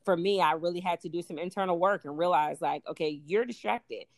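A young adult woman, a podcast guest, telling her story in casual talk, animated and full of "you know" and "like". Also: fairly low pitch, fairly quick, dry recording. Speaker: podcast guest, law student. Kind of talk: casual faith interview.

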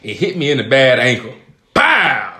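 Animated man telling funny stories. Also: mid-range voice, normal speed. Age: adult, parent of nearly ten-year-old. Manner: animated storyteller, acts out quotes, laughs often. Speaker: podcast co-host. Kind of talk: casual chat, storytelling.

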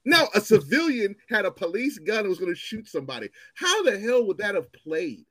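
A man's voice: high voice, fairly quick, no room sound. A man in his fifties telling profane stories in casual chat, acting out the people in them. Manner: animated, profane, acts out voices in his stories. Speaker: storyteller guest.

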